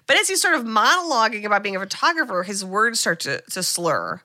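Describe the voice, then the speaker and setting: A woman co-hosts a podcast in studio-quality sound without echo, her medium-pitched, sing-song voice brisk, bright, and forceful. Recapping a movie plot, she chats casually with frequent "like"s and swears freely, dropping the odd swear word.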